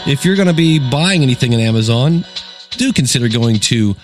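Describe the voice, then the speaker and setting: A man's voice: medium pitch, lively intonation, brisk, soft background music. A male podcast host giving a casual demo, talking plainly and giving commands to a device.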